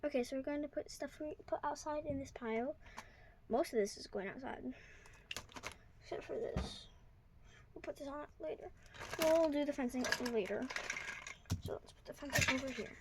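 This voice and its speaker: High-voiced woman chatting as she tidies. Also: normal speed, pauses often, very noisy. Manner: chatty, talks to viewers, thinks aloud. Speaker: toy horse vlogger. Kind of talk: casual running commentary while organizing. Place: at home in her bedroom.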